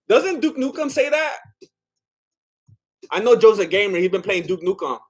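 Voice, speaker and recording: A man talks casually to his live chat while watching the fights, his voice sitting very high and swinging widely in pitch. He laughs a lot and acts out quick quoted lines as he retells what happened. It sounds like a home streaming setup on a desk mic. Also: big pitch swings, breathy edge. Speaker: livestream fight watch-along host.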